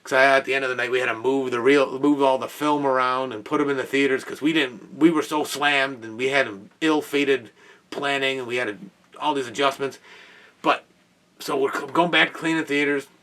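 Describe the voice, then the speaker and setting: A young man, host of a podcast, telling an animated work story in a casual way with exclamations and laughs. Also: medium pitch, fairly quick, recorded from a distance.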